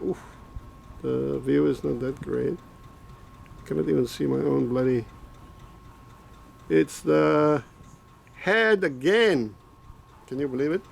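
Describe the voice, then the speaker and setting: A man's voice: fairly high pitch, gravelly, a little mellow, slight background noise. A man rambling and joking as he talks to his own camera in a casual vlog, repeating himself as he goes. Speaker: vlogger making predictions.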